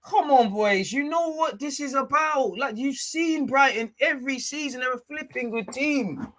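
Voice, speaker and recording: A young man hosting a live football watchalong. He is excitable, shouts at the referee and drops to low mutters in between. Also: normal speed. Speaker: fan watchalong host.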